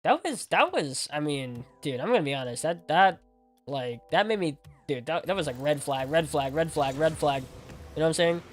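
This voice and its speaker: A man's voice: fairly high pitch, lively intonation, normal speed. A young man with a slightly raised voice chats loosely with his live-stream audience while he plays. He rambles and circles back, stacking fillers and repeating himself. Faint music sits underneath. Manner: rambling, full of "like" and repeated words. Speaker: game streamer. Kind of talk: casual live-stream chat while gaming.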